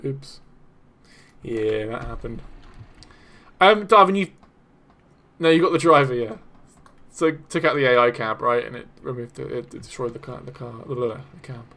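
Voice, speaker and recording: A young man hosting a live developer stream, reacting excitedly to community builds while he plays and talks to chat. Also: medium pitch, moderate pace, long pauses.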